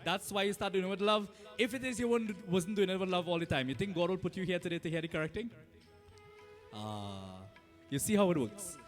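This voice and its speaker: A Trinidadian man with a high voice preaches as a Hindu pundit in a temple hall. He teaches in a friendly, conversational way, checking in with his listeners as he goes. Faint music sits underneath. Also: animated, brisk. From Trinidad and Tobago. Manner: conversational teaching with frequent "right?" and laughs. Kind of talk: sermon.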